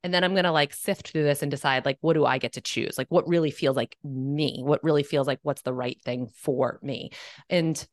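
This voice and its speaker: A woman's voice: low-pitched, steady tone, moderate pace, no room sound, studio quality. A woman nutritionist co-hosting a podcast, talking reflectively in a casual conversation. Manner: reflective, thoughtful, frequent fillers. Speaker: nutritionist co-host.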